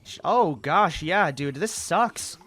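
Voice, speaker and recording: Chatty man with a fairly high voice. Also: slow pace, a little hiss or hum. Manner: chatty, excitable reactions. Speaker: gaming video creator. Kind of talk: casual gameplay commentary.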